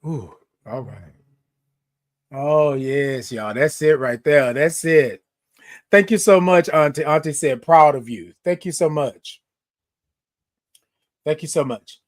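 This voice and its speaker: A man's voice: on the high side, slow, pauses often. A man hosting a motivational livestream, talking straight to his viewers with repetitive, emphatic affirmations. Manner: talks directly to viewers. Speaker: host.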